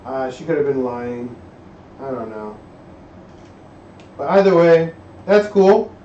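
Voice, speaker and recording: A man's voice: mid-range voice, lively intonation, takes it slowly, warm tone, a little hiss or hum. Rambling man in an echoey garage. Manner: rambling, reads chat aloud, trails off and restarts. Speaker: livestream host working on an engine. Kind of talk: casual live-stream chat while working. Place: home garage workshop. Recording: echoey garage, far from a dull mic.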